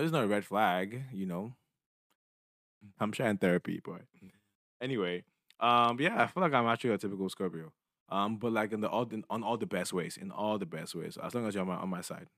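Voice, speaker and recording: A man's voice: medium pitch, a bit bright, dry recording, studio quality. A young man, rambling casually as host of his own solo podcast, slangy and loose, often checking in with his listeners. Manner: loose, slangy, rambling, keeps asking "you get me".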